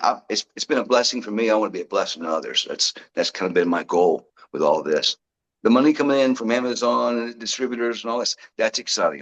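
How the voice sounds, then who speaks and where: Deep-voiced man telling stories. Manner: lively storyteller who acts out quoted dialogue. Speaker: guest, product founder. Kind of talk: conversational interview storytelling.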